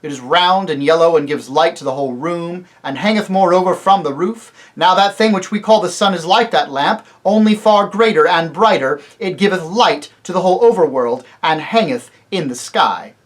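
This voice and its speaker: Cold, formal young prince, loud, stiffly courteous, storybook , read by a man. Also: sits high, normal speed, hardly any pauses, pitched above the performer's own voice, lightly acted. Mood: coldly polite.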